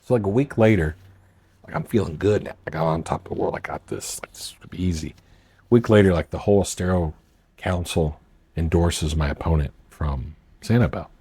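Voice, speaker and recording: At a marina boat club, a marina owner who ran for office rambles casually through the story of his political campaign, acting out what people told him. His deep, dark, husky voice moves fairly quickly.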